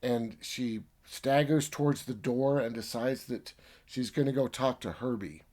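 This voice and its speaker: A man's voice: medium pitch, darkish tone. A man reviewing a book by retelling its plot in a chatty, filler-heavy way. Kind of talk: casual story retelling.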